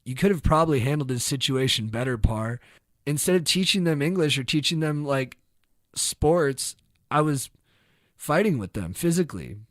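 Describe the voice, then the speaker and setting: Mężczyzna opowiadający anegdotę, bardzo suchy dźwięk. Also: male voice, medium pitch, moderate pace, no echo, studio quality. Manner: animated, bursts into shouted reenactments. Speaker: podcast co-host. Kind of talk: casual storytelling.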